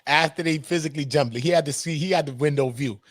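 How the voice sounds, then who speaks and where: A man in casual podcast chat, ranting in animated slang and laughing often. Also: a little high, fast talker, dry recording.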